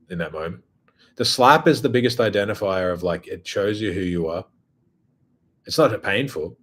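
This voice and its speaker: A man's voice: deep voice, fairly bright tone, husky. A man hosting his own show, talking in a blunt, profane, casual monologue. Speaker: host.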